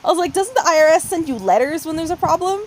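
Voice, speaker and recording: A high-voiced woman whose pitch swings widely as she talks. She co-hosts a casual podcast, swears freely and breaks into laughter as she acts out the people in her stories. A faint noise sits under her voice. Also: expressive, fast, darkish tone. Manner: profane, laughing storyteller who acts out voices. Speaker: podcast co-host. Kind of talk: casual chat.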